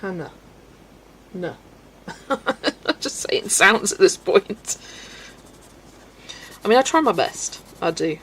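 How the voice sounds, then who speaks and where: A woman's voice: mid-range voice, big pitch swings, takes it slowly, long pauses, fairly bright tone, slightly rough, rough recording. A woman from Belgium hosting a colouring livestream, chatting with viewers, laughing often and stumbling over names. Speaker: livestream host reading chat. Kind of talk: casual livestream chat. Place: home, colouring at a desk.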